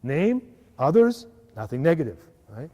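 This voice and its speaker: A man giving a lively live workshop talk to a parish group, often asking the audience to agree. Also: on the high side, moderate pace. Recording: live hall recording with long reverb.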